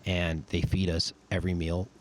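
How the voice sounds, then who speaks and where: A man's voice: low-pitched, flat delivery, normal speed, a little hiss or hum. A young man in his twenties from California, a podcast guest and army sergeant telling casual, rambling stories full of "like.". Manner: rambling, filler-heavy with frequent "like". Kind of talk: casual storytelling.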